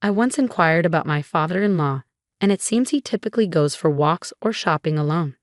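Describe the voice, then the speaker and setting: A woman reading a first-person story as narrator, in an even, measured way. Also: lowish voice, dry recording, clean studio sound.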